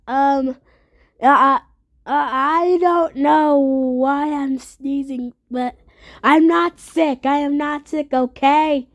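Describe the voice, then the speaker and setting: A woman's voice: high-pitched, full character voice. A woman voicing a stubborn young child who keeps sneezing and whines about being sick, in a toy play story. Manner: whiny, insists it is not sick.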